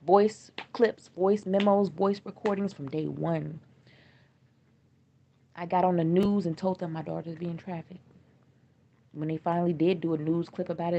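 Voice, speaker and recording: A grieving mother talking on a livestream in a raw, halting way, often repeating herself. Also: on the low side, vocal fry. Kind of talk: emotional casual livestream talk. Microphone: phone livestream. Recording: dull lo-fi livestream audio, faint noise.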